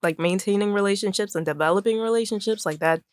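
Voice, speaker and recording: A woman's voice: mid-range voice, quick pace, dry recording. A young woman from Maryland, a fashion designer, chatting casually as a podcast guest and using lots of fillers. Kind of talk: casual conversation.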